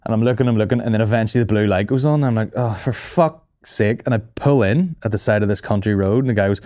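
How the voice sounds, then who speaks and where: A man, a comedy podcast host telling stories in a profane, animated way and acting out the other voices. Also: on the low side, very fast, dry recording, clean studio sound. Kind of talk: casual storytelling chat.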